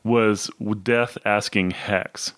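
Low-voiced thoughtful man, dry sound. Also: steady tone, extremely slow, fairly bright tone, clean tone, dry recording. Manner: thoughtful, hesitant, restarts sentences. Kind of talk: casual book discussion.

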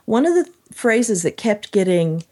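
A woman chatting casually as a podcast co-host, her voice going hoarse, animated when quoting people. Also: a little slow. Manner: animated, acts out quotes in a higher voice. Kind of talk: casual conversation.

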